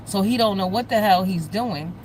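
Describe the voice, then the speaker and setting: A woman from the United States hosts a casual livestream and talks straight to her viewers. She is blunt and profane, gossiping at a lively clip. A faint hum of vehicles sits behind her voice. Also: medium pitch, normal speed. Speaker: livestream host.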